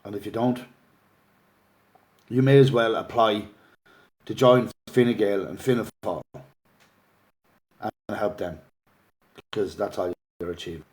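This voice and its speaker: A man's voice: on the low side, measured pace, long pauses, darkish tone. Impassioned Irish man on a livestream. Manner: earnest, pleading, gets emotional. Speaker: activist livestream host. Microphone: phone or laptop livestream.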